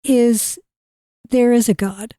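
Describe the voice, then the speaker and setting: A woman's voice: a little high, fairly even intonation, slow, warm tone, dry recording, studio quality. Earnest woman co-hosting Christian radio. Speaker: radio show co-host. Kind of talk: casual Christian radio talk. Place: barn studio.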